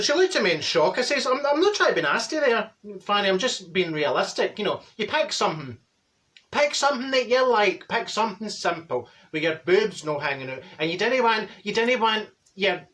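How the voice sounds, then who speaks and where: A man's voice: high-pitched, bright, forceful tone. Brief: middle-aged Glaswegian woman, man in drag voice, straight-talking gossip, blunt comic monologue. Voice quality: chatty, blunt, gossipy storytelling. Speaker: comedy character monologue.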